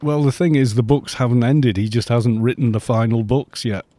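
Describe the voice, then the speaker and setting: A man's voice: mid-range voice, steady tone, moderate pace, warm tone, no echo. A middle-aged man chatting casually and rambling on a live game stream, laughing often.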